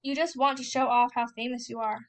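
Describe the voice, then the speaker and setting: An eager young farm boy, pushy and pious, always begging and scolding in a high, bright voice, as a woman reads him aloud from a novel. He sounds like a storybook child. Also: fairly even intonation, a little fast, close to an everyday voice.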